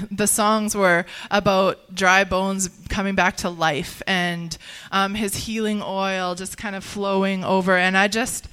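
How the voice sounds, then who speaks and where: A woman sharing a personal faith testimony in conversation, earnest and halting, with many restarts. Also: medium pitch, level tone, a bit bright, clear, resonant tone.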